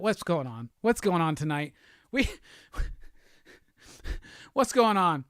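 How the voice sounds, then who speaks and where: A middle-aged man hosting a casual live stream, excitedly rapping along to old songs and swearing as he chats. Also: fairly high pitch, takes it slowly, pauses often, clear, resonant tone, dry recording, clean studio sound. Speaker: host.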